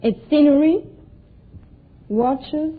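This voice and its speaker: A woman's voice: sits high, extremely slow. A woman from Switzerland whose first language is French, a quiz show contestant giving short, matter-of-fact answers on a lo-fi 1950 radio broadcast.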